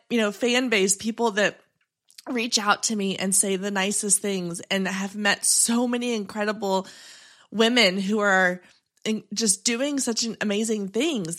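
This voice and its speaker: A woman's voice: mid-range voice, fairly bright tone. Upbeat chatty woman podcast host. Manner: upbeat and chatty, with many restarts and "like". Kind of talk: solo podcast episode.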